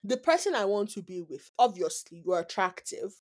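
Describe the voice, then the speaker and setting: A Nigerian woman co-hosting a podcast in casual chat, animated and teasing as she scolds her friend. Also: mid-range voice, normal speed. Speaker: podcast co-host.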